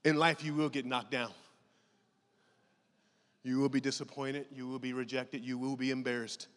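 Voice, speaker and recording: A man's voice: medium pitch, level tone, moderate pace, a bit bright. A man giving a motivational keynote, rallying the audience and leading them in call-and-response. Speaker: keynote speaker. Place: large conference hall. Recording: hall reverb, audience noise.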